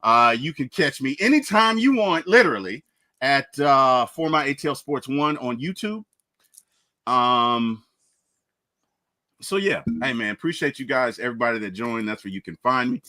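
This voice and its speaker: A man with a very bright, cutting voice that climbs and dips all over as he talks. He is playful and animated, joking his way through a casual sports podcast chat. His mic sounds close and dry with no room around it. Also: medium pitch, moderate pace, no echo. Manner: laughs often, animated and playful. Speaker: podcast guest host.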